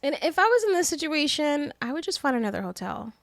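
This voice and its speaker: A woman chatting on a podcast, telling quick anecdotes and reacting with a laugh in her voice. Her voice sits a bit high. The sound is close and dry, with no room echo. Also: sing-song, creaky, a bit bright. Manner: chatty, laughing, storytelling asides. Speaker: podcast co-host. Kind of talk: casual podcast chat reacting to clips.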